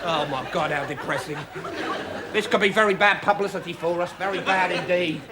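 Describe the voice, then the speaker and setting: Brief: a man as a camp, seedy agent, raised pitch, steady drawl, audience laughter around him. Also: brisk, a loud crowd, close to an everyday voice. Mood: fussing. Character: seedy, unflappable male showbiz agent, middle-aged. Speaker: showbiz agent. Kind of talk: sitcom acting. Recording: studio audience laughter, background hiss.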